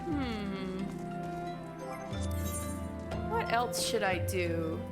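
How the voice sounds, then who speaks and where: A woman's voice: medium pitch, animated, slow. A woman streamer giving chatty, casual commentary while playing, thinking aloud with mild swearing. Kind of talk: casual live game commentary. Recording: loud game music behind.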